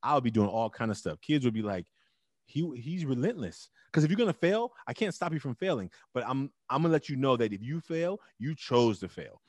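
A middle-aged man telling his story as an interview guest, emphatic and animated with loud bursts. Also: medium pitch, a little fast, few pauses, no room sound. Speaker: interview guest, teacher and club founder.

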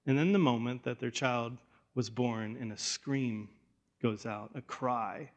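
A man's voice: mid-range voice, unhurried. Casting: man in his thirties, pastor, earnest and emotional, mid-range voice, repeats words as he restarts. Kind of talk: sermon.

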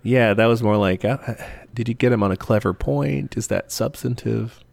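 Speaking at a normal speed in a fairly low, creaky voice, a podcast co-host casually discusses a film and explains some history, scattering "like" and "you know" throughout. The recording is dry, and his manner is relaxed.

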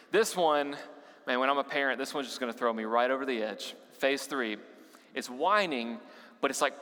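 A man's voice: mid-range voice, bright, forceful tone. A young man preaching to a church congregation in a playful, joking way, often throwing questions to the crowd. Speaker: youth pastor. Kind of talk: humorous sermon to a church congregation. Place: church auditorium. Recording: long reverberant hall.

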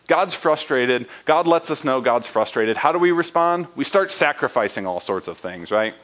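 Over poor-quality audio, a young adult pastor delivers a sermon in a conversational way, leaning on fillers, rhetorical questions and a frequent "right?" to check in with listeners. He sounds expressive and fairly bright in a mid-range voice, speaking at a moderate pace.

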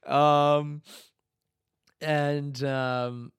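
A man's voice: on the high side, little pitch movement, very slow, clear, resonant tone, dry recording, studio quality. Sweary, rambling man. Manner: rambling, sweary, self-mocking. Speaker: podcast host. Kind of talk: casual comic storytelling monologue.

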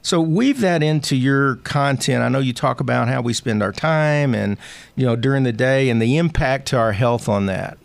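Southern american man, middle-aged, gravelly, dry close sound, folksy interview host. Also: medium pitch, moderate pace, no echo. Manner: chatty, laughs often, folksy asides. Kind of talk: casual interview chat.

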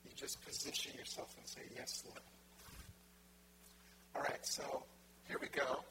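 A pastor preaching a conversational sermon, acting out little quoted exchanges as he goes. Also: moderate pace. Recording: loud background noise.

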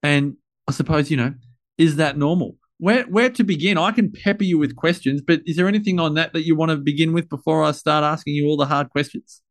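A man's voice: on the high side, fairly quick, no room sound, studio quality. A man hosting a podcast interview, chatty and playful, rambling a bit with plenty of fillers. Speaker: podcast host. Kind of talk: casual conversational interview.

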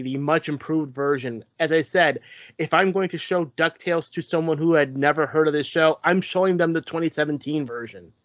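A man's voice: fairly high pitch, a bit bright, no echo. A man co-hosting a podcast, chatting casually and rambling with fillers and repeated words. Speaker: podcast co-host. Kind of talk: casual chat. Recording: dull lo-fi podcast mic.

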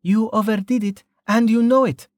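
A woman's voice: fairly high pitch, steady tone, moderate pace, a little mellow, no echo, clean studio sound, voice pushed up, lightly acted. A male narrator voicing a caring young woman healer who scolds bluntly. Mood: chiding.

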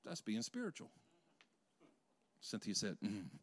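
A male pastor preaching a conversational sermon that swells into loud, passionate peaks. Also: on the low side, huge pitch swings, measured pace, a little hiss or hum.

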